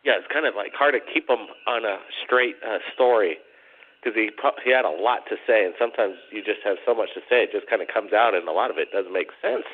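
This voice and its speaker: A man's voice: lowish voice, brisk. A man hosting a call-in radio show, chatting casually and rambling, repeating his questions to callers. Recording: tinny phone-like audio.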